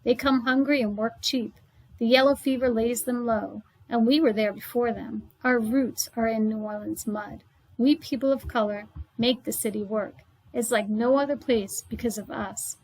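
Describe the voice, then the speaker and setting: A woman voicing a calmly proud young woman in a read-aloud storybook, speaking quietly and drawing out French words slowly. She reads the part with a fairly high voice. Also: breathy edge, rough recording. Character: calmly proud young woman from New Orleans, free woman of color.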